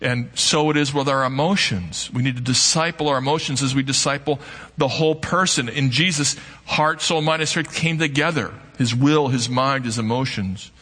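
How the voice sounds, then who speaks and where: A man preaching a sermon to a congregation, earnest and emphatic, with dramatic pauses. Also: mid-range voice, sharp tone, long reverb tail. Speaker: pastor. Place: church sanctuary.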